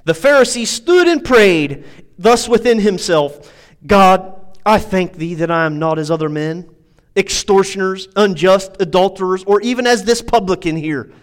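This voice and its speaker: High-voiced preacher, emphatic and swelling. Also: male voice, lively intonation, normal speed, poor audio. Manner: preaching with swelling, emphatic delivery that drops to quiet asides. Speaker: pastor. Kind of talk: sermon.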